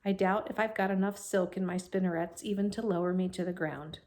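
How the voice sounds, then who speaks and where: Woman doing a soft, calm spider lady. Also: fairly quick, lightly acted. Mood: gentle. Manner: soft, low and steady. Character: dying female spider, calm and gentle.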